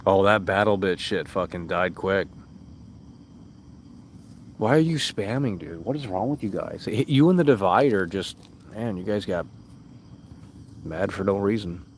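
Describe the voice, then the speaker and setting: A young man with a fairly low voice talks casually to his stream chat. He is blunt and exasperated, swears a lot and mocks comments with sarcastic put-on voices. A faint hum of background noise sits under his voice. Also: lively intonation, unhurried, long pauses.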